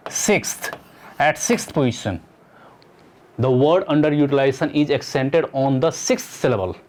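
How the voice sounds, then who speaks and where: A man's voice: mid-range voice, darkish tone. A man teaching an English grammar lesson, explaining step by step and repeating key points as questions to students. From Nepal. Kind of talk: exam-prep grammar lesson.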